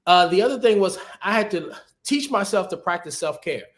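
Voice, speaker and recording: A man speaking casually as a guest in a webinar interview, giving animated, conversational career advice over a video call. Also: sits high, fairly quick. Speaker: guest, TV executive producer.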